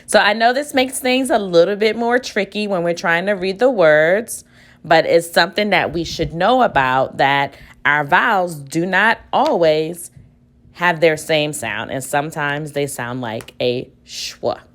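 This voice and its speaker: Slow, patient woman teaching a reading lesson. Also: fairly low pitch, a bit bright. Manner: slow, patient, models sounds aloud. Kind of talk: recorded reading lesson for children. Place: at home.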